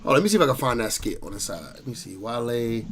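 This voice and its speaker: A man's voice: mid-range voice, big pitch swings, fast talker, a little hiss or hum. A man joking loosely as he reacts to a clip and talks to his chat. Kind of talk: casual reaction commentary.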